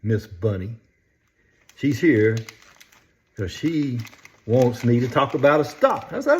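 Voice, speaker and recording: An older man with a drawl talks through stocks in a folksy, easygoing way. He chuckles often between phrases. His pitch rises and falls a lot as he talks. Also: sing-song, takes it slowly, pauses often, a little mellow, a little hiss or hum. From North Carolina, US. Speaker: stock market vlogger. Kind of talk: casual stock chat.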